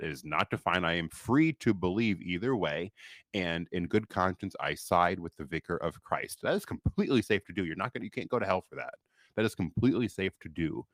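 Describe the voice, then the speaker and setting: Man, podcast co-host, emphatic, deep voice, dry recording. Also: no room sound. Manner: emphatic, reads quotes aloud and comments. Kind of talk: casual discussion podcast.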